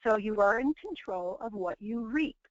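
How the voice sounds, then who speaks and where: A woman's voice: medium pitch, lively intonation, normal speed, dry recording. A middle-aged woman hosting a motivational webinar. She talks earnestly, in a preachy way, with many restarts. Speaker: webinar host and team leader. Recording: dull, dry lo-fi webinar audio.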